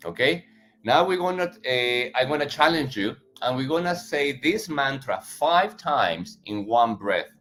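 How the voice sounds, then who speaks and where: Gentle man guiding a healing practice. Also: medium pitch. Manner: gentle, encouraging, unhurried instruction. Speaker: self-healing instructor. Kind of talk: guided mantra and tapping practice.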